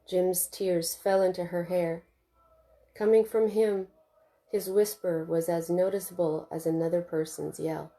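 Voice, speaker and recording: A woman reading her own novel aloud in a steady, expressive way. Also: fairly low pitch, normal speed. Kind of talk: audiobook narration.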